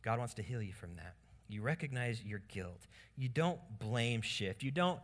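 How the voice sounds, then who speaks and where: A man preaching a sermon on marriage in an animated way, acting out quoted lines in different voices. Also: mid-range voice, normal speed. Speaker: pastor.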